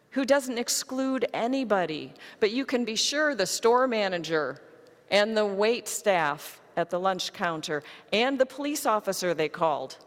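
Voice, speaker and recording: A woman pastor delivering a sermon, telling a story to her congregation in a measured way. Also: mid-range voice, in a large hall.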